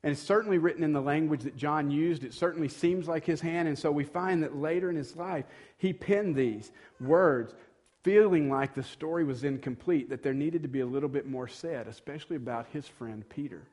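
A man's voice: a little high, a little fast, a little mellow. A male pastor giving a sermon in a conversational tone, acting out quoted dialogue and building to moments of emphasis.

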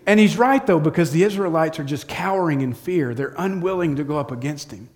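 A man teaching from the Bible, telling the story in a casual, lively way and acting out the quotes. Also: fairly high pitch, a little fast. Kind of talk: storytelling sermon.

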